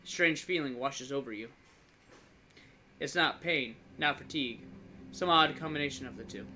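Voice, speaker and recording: A man's voice: medium pitch, normal speed, sharp tone, a little hiss or hum. A man reading a story game aloud, dropping jokey asides. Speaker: gamer narrating a game. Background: game music.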